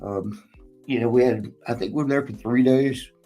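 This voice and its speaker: A man's voice: mid-range voice, moderate pace, dark tone, soft background music, rough recording. A man hosting a casual chat, telling a long personal story in a rambling way, swearing often and laughing between lines. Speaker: podcast host and former wrestler.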